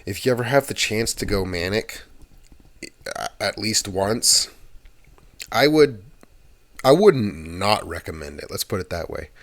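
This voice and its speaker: A young man with a deep, low-pitched voice talks in a loose, meandering way, hosting his ASMR channel. He drifts from point to point in a chatty monologue and swears casually now and then. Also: lively intonation, unhurried, long pauses, fairly bright tone.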